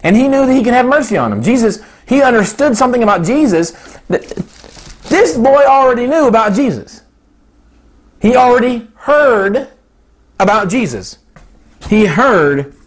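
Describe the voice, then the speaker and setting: Excitable laughing preacher man. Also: normal speed, long pauses. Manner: animated, laughs often, leaps to high excited tones. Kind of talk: sermon.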